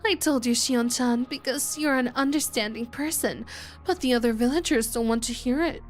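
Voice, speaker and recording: Woman doing a sly teen girl, teasy and hushed-conspiracy vibe, pretty high, visual novel readalong. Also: normal speed, soft background music, close to an everyday voice. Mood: teasing. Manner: teasing, conspiratorial. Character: teasing teenage girl, sly and playful.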